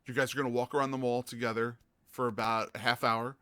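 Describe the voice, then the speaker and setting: A man hosting a gaming podcast, telling stories in a casual, animated way and acting out the people he quotes. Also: medium pitch, fast, smooth, no room sound. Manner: animated, acts out quoted voices. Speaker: podcast host. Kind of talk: casual storytelling chat.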